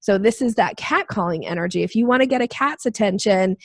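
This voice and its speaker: A woman sales trainer answering interview questions, explaining with lively acted-out examples. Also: mid-range voice, brisk, vocal fry, dry recording, clean studio sound. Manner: animated, acts out quoted voices.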